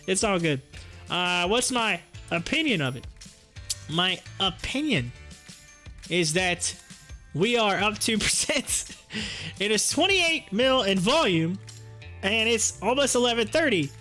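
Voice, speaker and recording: A man's voice: high voice, very animated, slow pace, pauses often, sharp tone, faint music behind. A man doing casual live-stream commentary on stocks, joking and laughing often and slipping into mocking voices.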